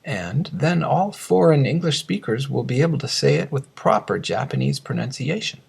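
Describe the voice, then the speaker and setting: A man teaching English pronunciation, reading slow word drills and explaining sounds. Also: medium pitch, lively intonation, vocal fry, breathy edge. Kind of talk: scripted lesson narration.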